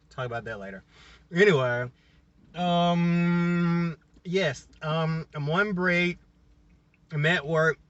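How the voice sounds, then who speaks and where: A man's voice: fairly high pitch, fairly bright tone, no room sound, dull audio. A man hosting his own channel, talking casually and rambling, repeating himself as he chats during a work break while eating. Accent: Southern US. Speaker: YouTube channel host. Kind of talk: casual vlog talk.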